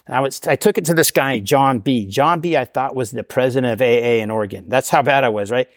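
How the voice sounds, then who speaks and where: A man's voice: mid-range voice, fast talker, no room sound, studio quality. A middle-aged man, a podcast guest, telling his recovery story casually, often tagging "right?" and laughing at himself.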